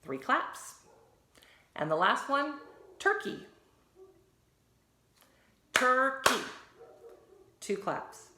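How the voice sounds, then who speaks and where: Woman teacher, slow clear spelling, echoey room. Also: medium pitch, very animated, sharp tone, a little hiss or hum. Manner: slow, clear spelling out of letters for young learners. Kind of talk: recorded reading lesson for children.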